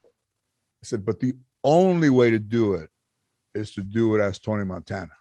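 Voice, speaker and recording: A middle-aged comedian in casual podcast chat, telling an anecdote with acted-out quotes and plenty of swearing. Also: male voice, fairly low pitch, normal speed, dry recording. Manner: animated storyteller, acts out quotes, swears freely. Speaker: comedian guest.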